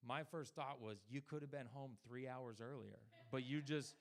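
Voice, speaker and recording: A young man with a medium-pitched voice and moderate pace performs a stand-up comedy set. He speaks deadpan to the crowd and slips into mock voices when quoting other people.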